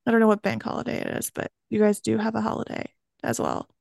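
Woman co-host from Georgia and Maryland, jokey, slightly high, gravelly voice. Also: very animated, quick pace, a little mellow, no echo, studio quality. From Georgia and southern Maryland, USA. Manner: playful, jokey, presents the research. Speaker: podcast co-host. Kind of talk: casual chat.

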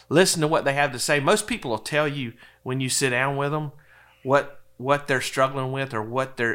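A man talks in a relaxed, folksy way. He tells stories and chuckles often. His voice sits at an ordinary middle pitch. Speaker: insurance advisor guest. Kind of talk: casual storytelling interview.

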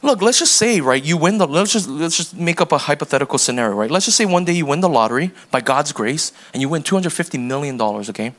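High-voiced pastor preaching conversationally. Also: male voice, expressive, fast, few pauses, a bit bright. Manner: conversational, acts out little scenes with quoted voices; rising to pressing questions. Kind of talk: sermon.

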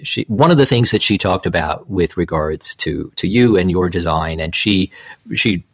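A man with a very low voice hosts an interview, building long questions in a halting way and repeating words as he goes. The recording is close and dry. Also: lively intonation, dry recording. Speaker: interviewer, podcast host. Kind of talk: conversational interview.

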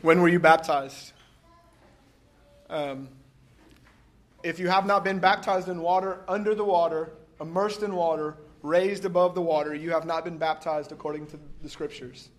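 A man preaching a sermon, reading scripture slowly and commenting emphatically, often laughing. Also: fairly high pitch, steady tone.

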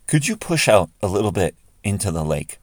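Man doing a calm gentle teacher, deep low voice, dry close sound. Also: brisk, no echo.

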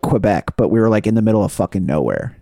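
A man's voice: fairly low pitch, sing-song, quick pace, creaky, mellow, no echo, studio quality. A man from the chatting casually on a podcast, laid-back and swearing now and then. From Southern US. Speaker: podcast co-host. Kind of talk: casual chat.

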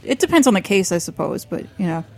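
A woman's voice: fairly low pitch, very animated, quick pace, creaky. A woman from a band, guesting on a radio show with brief, dry quips. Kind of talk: casual chat.

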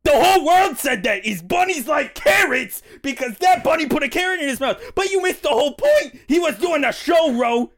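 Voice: mid-range voice, expressive, normal speed, slight background noise, lightly acted. A player voicing a touchy, dramatic male bunny adventurer who rants and lectures in character during a tabletop game. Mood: ranting. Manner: indignant, lecturing, swearing. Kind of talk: tabletop role-play in character.

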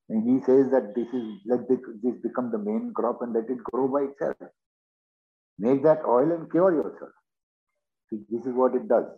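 Man on a tinny call. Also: mid-range voice. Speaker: interview guest. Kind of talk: earnest conversational storytelling. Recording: tinny phone-like call audio.

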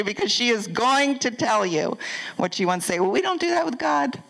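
A woman's voice: mid-range voice, animated, moderate pace, gravelly, a bit bright, rough recording. An older woman pastor preaching a conversational sermon, asking the congregation questions as she goes.

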